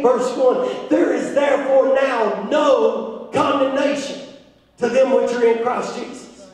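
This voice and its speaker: A man preaching a fervent sermon as pastor, rising at times to shouts. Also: very high voice. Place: church sanctuary. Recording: echoey church hall from far off.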